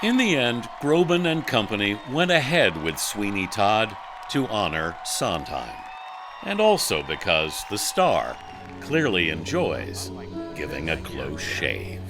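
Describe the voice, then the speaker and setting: A man narrating a television news feature as correspondent, in a measured, polished delivery. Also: on the low side, sing-song, over music, crowd noise.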